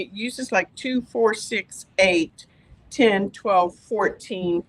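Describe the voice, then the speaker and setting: Gushing female shop host demoing products, slightly high voice. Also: no echo, poor audio. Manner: chatty, gushing. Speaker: fabric store host. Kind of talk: live product demo.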